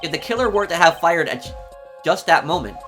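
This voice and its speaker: A man's voice: a little high, animated, brisk, sharp tone, faint music behind. A man voicing an arrogant young male prosecutor with a slipping German accent in a game let's play. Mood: smug. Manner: attempted German accent that slips. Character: arrogant young male prosecutor, showy rock-star swagger. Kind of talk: game dialogue read aloud in a let's play.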